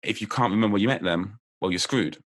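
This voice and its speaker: Lively man explaining memory tricks. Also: on the low side, fast talker. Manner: lively and playful, laughs often while explaining. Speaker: podcast guest, memory coach. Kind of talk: explaining memory techniques in casual chat.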